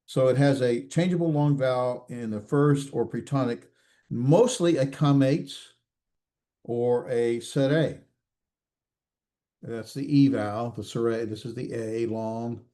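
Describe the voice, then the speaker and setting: A man teaching a recorded class, explaining slowly with many fillers and restarts and checking in with his students. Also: medium pitch, dark tone. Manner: checks in with students, self-correcting. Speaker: instructor.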